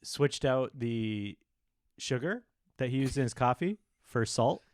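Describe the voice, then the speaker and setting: A man's voice: medium pitch, expressive, unhurried, darkish tone, no room sound. Wry man telling a story on a podcast. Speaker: podcast co-host. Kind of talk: casual chat.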